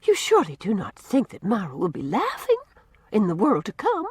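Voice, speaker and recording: A woman's voice: mid-range voice, huge pitch swings, moderate pace, slightly rough, dry recording, studio quality, heavily acted. A woman voicing a prim, pious older housekeeper who speaks formally and sounds easily shocked.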